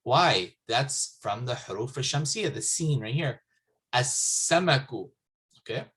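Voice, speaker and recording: A man's voice: mid-range voice, expressive, moderate pace, fairly bright tone, slightly rough. A man teaching Arabic letters in a patient, repetitive manner, often checking in with "okay?". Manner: patient, repeats words and checks understanding with "okay?". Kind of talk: slow classroom explanation. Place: mosque classroom.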